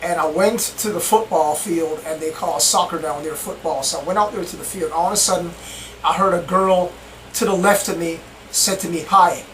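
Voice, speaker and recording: A man's voice: fairly high pitch, fairly even intonation, fairly quick, fairly bright tone, a little hiss or hum, low-quality recording. A man earnestly recounting his own strange experiences in a rambling, repetitive way. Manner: rambling, repeats himself, earnest. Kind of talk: personal account, casual storytelling.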